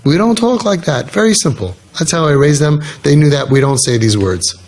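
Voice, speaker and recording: A man's voice: a little high, lively intonation, a little fast, a little mellow. A middle-aged man giving an earnest storytelling talk as a youth mentor. He talks emphatically and repeats his key phrases.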